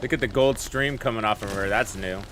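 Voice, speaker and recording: Bright-voiced man streaming a game. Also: lowish voice, a little fast, faint music behind. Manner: laid-back, chatty, answers viewer questions with fillers. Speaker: gaming streamer. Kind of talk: casual gameplay commentary.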